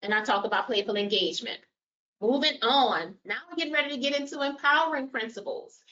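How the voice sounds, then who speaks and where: A woman's voice: fairly high pitch, fairly quick. A woman presenting a caregiver training workshop, explaining concepts and asking the audience questions. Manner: animated, quizzes audience with show of hands. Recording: dull lo-fi sound.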